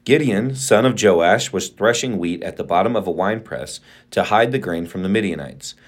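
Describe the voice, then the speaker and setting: A man co-hosting a podcast, reading scripture aloud at a steady, plain pace. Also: low voice, normal speed.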